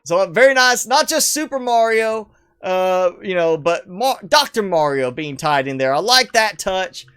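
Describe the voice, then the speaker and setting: A man's voice: sits high, expressive, moderate pace, fairly bright tone, smooth. A man casually commenting on a player-built game base on a live stream, rambling and poking fun at himself. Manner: chatty, rambling, self-deprecating, chuckles often. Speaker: streamer showcasing player builds.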